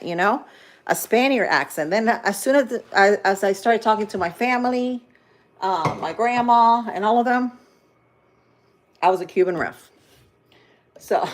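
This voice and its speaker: A woman's voice: medium pitch, animated, measured pace, pauses often. Chatty woman in a home kitchen. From Spain. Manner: chatty, rambling, with many fillers. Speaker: livestream host. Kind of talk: casual livestream chat while cooking.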